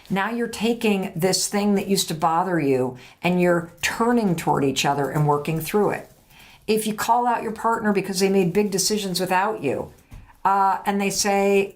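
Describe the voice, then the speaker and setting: A woman's voice: mid-range voice, moderate pace. A woman hosting a podcast, giving direct, emphatic motivational advice and acting out what partners say. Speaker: podcast host.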